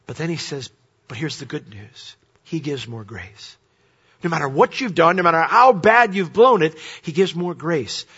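A man preaching a sermon, swinging between loud, emphatic points and quiet, hushed asides. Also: a little high, expressive, normal speed, breathy edge. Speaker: pastor. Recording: dull lo-fi sermon recording.

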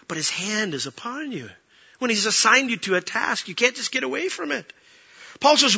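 Bright-voiced male pastor preaching. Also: high voice, husky, dull audio. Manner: animated, acts out quoted voices. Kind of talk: sermon.

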